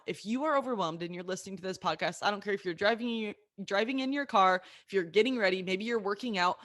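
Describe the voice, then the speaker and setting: A woman's voice: mid-range voice, a bit bright. A woman in her late twenties hosting a solo motivational podcast, talking candidly and with energy straight to her listeners. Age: 20s. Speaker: podcast host and coach.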